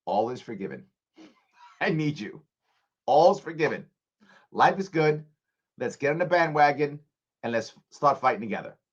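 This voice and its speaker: Animated male radio host, dull lo-fi sound. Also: a little high, measured pace, long pauses. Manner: emphatic, animated, preacherly swings between loud and hushed. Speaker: radio talk show host. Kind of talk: live call-in radio talk.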